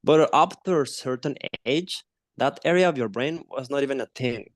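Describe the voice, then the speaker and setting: A man's voice: medium pitch, normal speed, no room sound, clean studio sound. A man coach in a casual roundtable discussion, explaining ideas earnestly with hesitant restarts.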